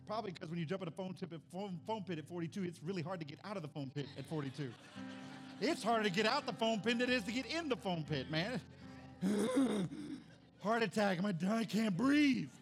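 Pastor guy, 40s, fairly high voice, gets fired up telling stories, soft music under him. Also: fast. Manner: animated storytelling, builds to excited shouts. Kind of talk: sermon.

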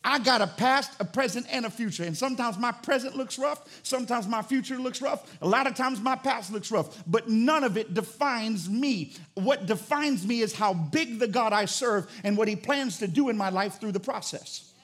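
A male pastor preaching a sermon, emphatic and full of rhetorical questions, sometimes rising to shouted declarations. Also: extremely high pitch, moderate pace, few pauses.

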